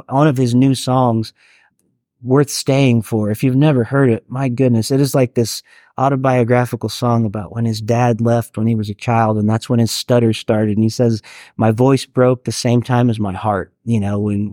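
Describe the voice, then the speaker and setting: An earnest middle-aged man speaks to a small group in a mellow, warm voice. He talks conversationally and keeps doubling back to restart his sentences. The sound is close and dry, with no room around it. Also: mid-range voice, dry recording. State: getting teary. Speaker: worship leader and chaplain teaching a workshop. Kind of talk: talk to a live group.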